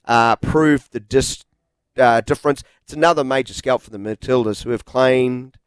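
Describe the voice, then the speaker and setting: A man's voice: medium pitch, normal speed, clear, resonant tone, no room sound. A man hosting a radio sports show, teasing his co-host and reading sports headlines. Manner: teasing, playfully dry. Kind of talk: casual radio banter and sports news reading. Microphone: studio microphone.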